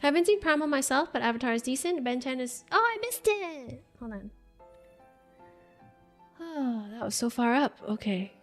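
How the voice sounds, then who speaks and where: A woman's voice: high-pitched, normal speed, long pauses, faint music behind. A woman streamer chatting casually with her viewers, addressing them by name and laughing often. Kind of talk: casual live-stream chat.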